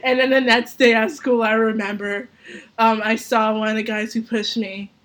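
A woman's voice: fairly high pitch, normal speed. A young adult woman hosting a podcast, telling a story casually with swearing and frequent laughter. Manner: animated, profane, laughs often. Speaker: podcast host.

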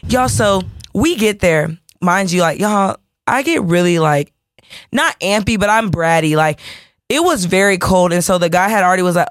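A woman telling a story to her podcast listeners in a lively, expressive way, calling them y'all and playing out each voice in the story. Her voice is close to the mic in a dry room, with no echo. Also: lowish voice, moderate pace. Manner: animated, addresses listeners as y'all, acts out quotes. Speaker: podcast co-host. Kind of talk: casual storytelling chat.

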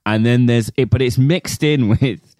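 A man's voice: mid-range voice, unhurried, a little mellow, no echo, studio quality. A young man co-hosting a casual film chat, laughing often and swearing freely. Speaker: podcast co-host.

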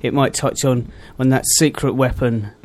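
A man hosting a casual chat and trading dry, deadpan quips. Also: mid-range voice, normal speed, dry recording.

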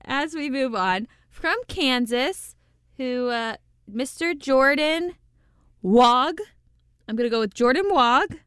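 A woman's voice: high-pitched, lively intonation, takes it slowly, fairly bright tone, clear, resonant tone, dry recording, clean studio sound. A woman co-hosting a casual recap podcast, giggling and stumbling as she reads out listeners' names. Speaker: podcast co-host.

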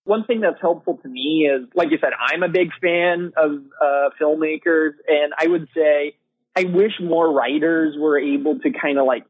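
A literary manager answering podcast interview questions in a casual way, full of "you know" and "like". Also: male voice, fairly high pitch, normal speed, slightly rough, no echo. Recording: dry, thin phone-line sound.

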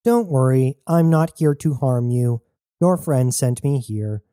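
Cyborg hunter, read by a male narrator: lazy, callous, mellow low tone. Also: measured pace, clean tone, no room sound, studio quality, natural voice. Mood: offhand.

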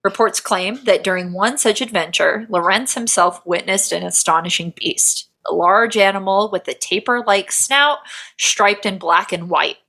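A woman with a bright, forceful voice co-hosts a casual podcast. She reads from her notes, then breaks off into jokes, cursing freely as she goes. Her pitch sits in the middle for a woman. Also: moderate pace, creaky, husky. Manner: swearing, jokey, reads story notes. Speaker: podcast co-host. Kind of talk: casual comedic chat.

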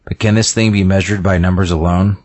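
A man's voice: low-pitched, fairly even intonation, a little fast, a little mellow, lightly acted. A man reading as a weary, disillusioned priest. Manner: plain read-aloud delivery, slight stumbles.

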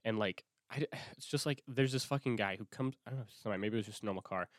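A man's voice: lowish voice, racing, dry recording, clean studio sound. A young man hosting a podcast, talking in a rambling, profane, self-interrupting way with many restarts. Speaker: podcast host. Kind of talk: casual rambling monologue.

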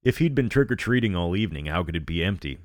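A man with a very deep voice narrates a horror story, breaking off now and then for a sardonic aside. The recording is dry and close, with no room sound around him. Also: lively intonation, fast, dry recording. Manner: sardonic asides between reading.

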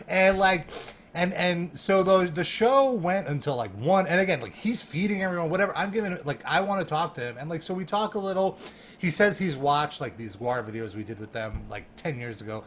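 Chatty guy with a slightly high voice, laughing through a story, little background hum. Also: a little fast. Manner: animated, laughing, lots of fillers and restarts. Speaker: guest. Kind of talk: casual storytelling in a podcast chat.

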